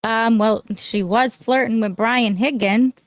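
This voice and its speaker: A woman co-hosting a casual live-stream show, gossiping and teasing her co-host with quick retorts. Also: on the high side, steady tone, dry recording. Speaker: podcast co-host.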